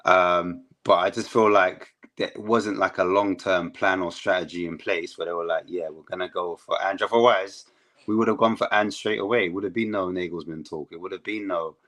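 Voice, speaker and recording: A man's voice: deep voice, steady tone, normal speed, a bit bright. A man chatting casually as a football fan panelist, rambling with fillers.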